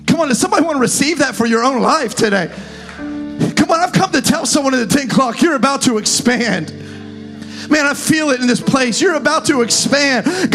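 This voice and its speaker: High-voiced preaching man over music. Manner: impassioned preaching, rising to shouts. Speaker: pastor. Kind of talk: sermon.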